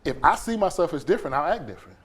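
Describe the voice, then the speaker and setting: Animated man telling a personal story. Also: fairly high pitch, rapid-fire, slightly rough. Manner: animated, retells scenes with quoted voices and sound effects. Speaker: guest.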